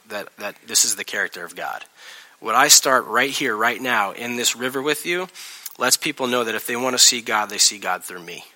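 A man preaching a sermon in a casual, chatty way, acting out scenes with lively voice changes. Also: medium pitch. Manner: animated, acts out scenes with shifting voices; casual, chatty delivery with laughs. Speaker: pastor.

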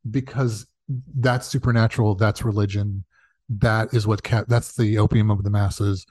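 Animated man telling stories. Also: fairly low pitch, moderate pace, dry recording, studio quality. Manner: animated, acts out quoted voices. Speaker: guest, comedy writer. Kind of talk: casual storytelling in conversation.

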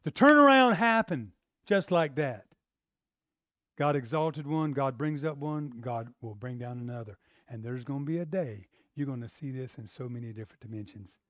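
A male preacher giving a sermon, retelling a story with animated energy that swings between quiet and loud. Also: mid-range voice, no room sound, studio quality.

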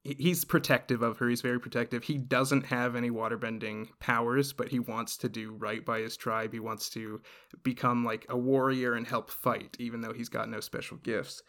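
A man's voice: mid-range voice, level tone, moderate pace, a bit bright. A man casually retelling a show's story on a podcast, rambling with lots of fillers. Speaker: podcast host recapping a show. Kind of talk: casual chat.

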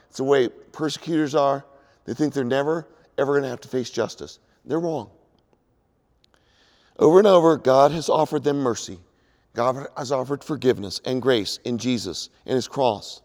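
A man's voice: mid-range voice, animated, moderate pace, darkish tone, in a large hall. A man preaching a sermon, reading scripture aloud with emphatic delivery. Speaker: pastor.

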